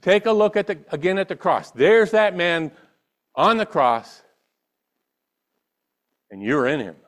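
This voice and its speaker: A man's voice: sits high, lively intonation, a little slow, fairly bright tone. A man preaching a sermon, reading scripture and then pressing his listeners with rhetorical questions and emphatic repetition. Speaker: pastor.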